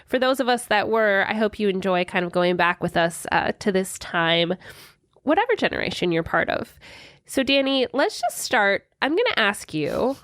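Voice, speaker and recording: A woman's voice: medium pitch, very animated, moderate pace, a bit bright, no echo, studio quality. A woman co-hosting a podcast in an upbeat, teasing way, leading the conversation and opening with a scripted intro. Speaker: podcast co-host. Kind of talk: casual chat with a scripted intro.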